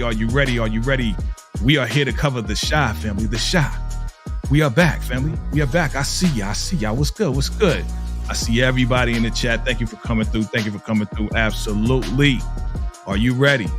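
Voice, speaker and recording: A man hosting a live recap stream who is hyped and repeats his greetings over and over in casual chat. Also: mid-range voice.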